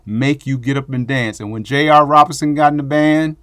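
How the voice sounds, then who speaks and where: A man's voice: medium pitch, fairly quick, heavy background noise. Affectionate man giving heartfelt thanks. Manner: affectionate, rambling, emotional. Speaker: bass player giving thanks. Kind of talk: heartfelt spoken tribute.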